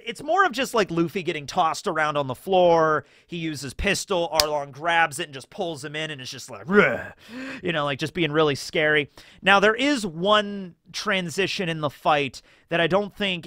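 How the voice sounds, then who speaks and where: A man with a fairly high, bright, forceful voice recaps a show in a loose, chatty way, throwing in lots of 'like' and quick asides. The sound is dry and close, with no room around it. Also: dry recording. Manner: chatty, rambling, full of 'like' and quoted bits. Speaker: YouTube host. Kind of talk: casual episode breakdown commentary.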